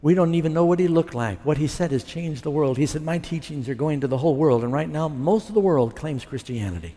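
In a large hall, a man whose voice is a little high and mellow preaches briskly with lively intonation. It's a testimony sermon in which he narrates his history and reenacts what he said at the time.

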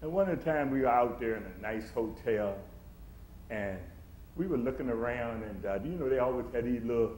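A man's voice: mid-range voice, brisk, darkish tone, a little hiss or hum. A man preaching a sermon, swelling into emphatic, acted-out quotes in a church. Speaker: pastor. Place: church sanctuary. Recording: echoey church room.

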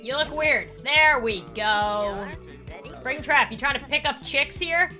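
A young adult woman doing Let's Play commentary, excitable and jokey, scolding and cheering the characters in her game. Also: high voice, slow. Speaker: gaming YouTuber. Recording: game music behind.

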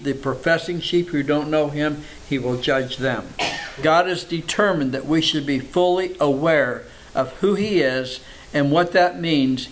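A man's voice: fairly high pitch, fairly bright tone, low-quality recording. A man, a pastor, preaching a sermon, reading scripture aloud between plain explanations and repeating words for emphasis. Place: church service.

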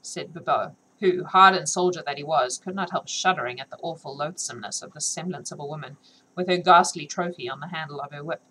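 A woman's voice: low voice, fairly quick, pushed and bright, husky, poor audio. A woman reading a novel aloud on a live stream, then chatting with viewers, laughing often and joking about herself.

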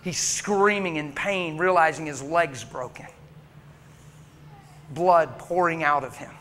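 An impassioned male preacher tells his stories in a high, ringing voice. His bright tone cuts through a faint hiss, and he laughs easily between his points. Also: slow pace. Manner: impassioned storytelling with frequent laughter. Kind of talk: sermon.

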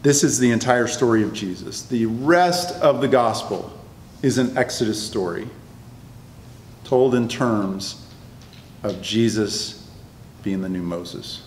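A man's voice: on the low side, takes it slowly, long pauses. A man teaching a Bible study class to a live group, talking conversationally and often checking that the class is following. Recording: echoey room, long reverb, faint noise.

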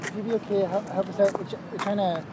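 A man's voice: sits high, fairly even intonation, fast talker, heavy background noise. A young man doing a goofy, mock-mournful street prank, chatting up strangers outdoors by a beach. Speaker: prank comedian.

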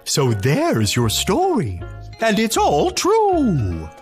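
A woman voicing a friendly owl puppet in a children's Bible lesson, speaking in a gentle, sing-song way. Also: medium pitch, huge pitch swings, drawn-out words, soft background music, heavily acted. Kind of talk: scripted kids' Bible lesson.

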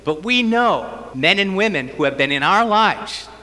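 A priest giving an animated storytelling sermon at a parish mission and acting out his own thoughts. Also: high-pitched, measured pace, big-room sound. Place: church.

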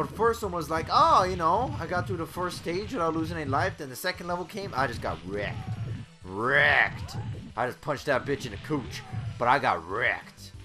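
Brash, profane man yelling over gameplay. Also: fairly high pitch. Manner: brash, profane, excitable trash talk; loud outbursts and yelps. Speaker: gaming YouTuber. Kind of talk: let's play commentary.

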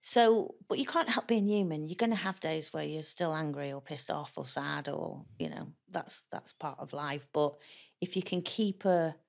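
A middle-aged woman with a low, deep voice talks frankly as a podcast guest. She chats openly, laughs easily and slips into the voices of people she quotes. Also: animated, moderate pace, creaky. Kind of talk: candid conversational interview.

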